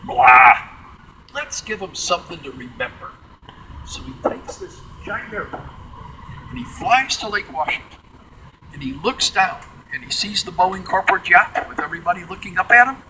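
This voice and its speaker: A man leads a museum tour in a big hangar, spinning lively anecdotes. His voice is high and bright. A faint hum of background noise sits under it. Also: normal speed, rough recording. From Midwestern United States. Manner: animated, acts out quotes in character voices. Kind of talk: storytelling tour talk. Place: large museum hangar, indoors.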